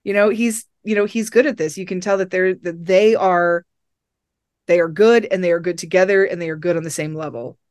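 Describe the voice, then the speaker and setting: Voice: medium pitch, steady tone, brisk, smooth, no echo, studio quality. A person reviewing a film on a podcast in casual chat, rambling and enthusiastic with many restarts.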